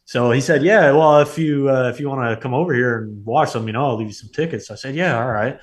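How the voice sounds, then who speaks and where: A man in his thirties, a former hockey player, telling stories in a relaxed, rambling way, full of filler words. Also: medium pitch, fast. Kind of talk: casual storytelling.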